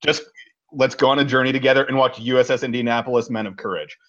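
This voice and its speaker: A man co-hosting a podcast, telling a movie plot in a casual, animated way and swearing freely. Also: medium pitch, quick pace, lo-fi sound. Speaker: podcast co-host. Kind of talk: casual movie recap chat.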